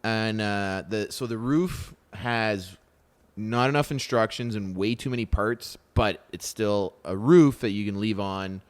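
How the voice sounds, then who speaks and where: A man in his thirties hosts a casual podcast chat. His voice sits low and sounds smooth and resonant. He tells stories in an animated way, acting out what people said. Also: measured pace. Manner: storytelling, animated retelling of conversations. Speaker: podcast host.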